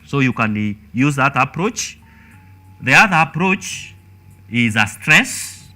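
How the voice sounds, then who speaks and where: A man's voice: medium pitch, sing-song, takes it slowly, sharp tone, faint music behind. A man with a Kenyan accent teaching an exam revision lesson, emphatic and repeating words as he thinks.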